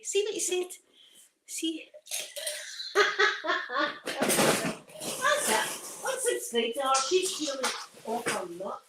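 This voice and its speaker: A woman's voice: sits high, big pitch swings, slow pace, long pauses, heavy background noise. Chatty Scottish woman rambling. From Scotland. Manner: rambling and chatty, laughs often. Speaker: ASMR channel host. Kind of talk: casual live chat while showing her home.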